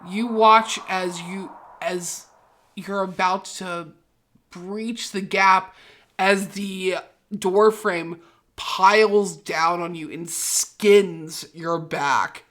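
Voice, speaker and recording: Female game master: unhurried, vivid storytelling, crisp bright voice. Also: fairly low pitch, fairly even intonation. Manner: vivid, gory descriptions with many fillers. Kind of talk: narrating a tabletop game.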